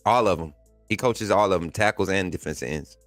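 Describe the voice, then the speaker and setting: A man's voice: sits low, fairly quick, fairly bright tone, dry recording, faint music behind. A man from Alabama with a Southern accent, hosting a live sports stream in a casual style, reading and answering chat comments with frequent laughter.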